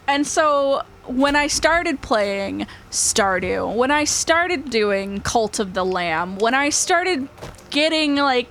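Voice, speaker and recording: A woman's voice: high voice, sharp tone. A young woman talking casually in a gaming vlog, chatty and gushing, with lots of fillers. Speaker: gaming YouTuber.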